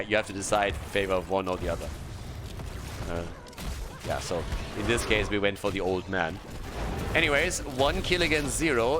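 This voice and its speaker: Excitable man casting esports, noisy. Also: sits low. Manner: excitable, jumps to shouts at big plays. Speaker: esports caster. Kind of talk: solo play-by-play commentary.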